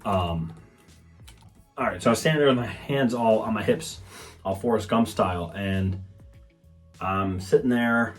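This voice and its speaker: A man's voice: lowish voice, measured pace, pauses often, soft background music. A young man hosting a comedy podcast, rambling through a profane monologue and acting out quotes in mocking voices. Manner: swears a lot, acts out quotes in raised mocking voices.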